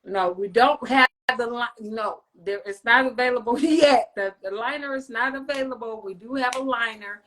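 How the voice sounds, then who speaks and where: A woman's voice: fairly high pitch, normal speed, hardly any pauses, a bit bright, slight background noise, poor audio. A woman hosting a casual livestream, chatting in a loose, rambling way with plenty of swearing and jokes. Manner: loose, rambling, profane and joking. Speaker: livestream host.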